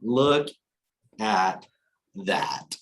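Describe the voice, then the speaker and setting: A young man with a fairly low voice co-hosts a casual podcast. He tells stories with energy, slips into the voices of the people he quotes, and swears freely. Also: drawn-out words. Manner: animated storytelling, acts out quotes, swears casually. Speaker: podcast co-host.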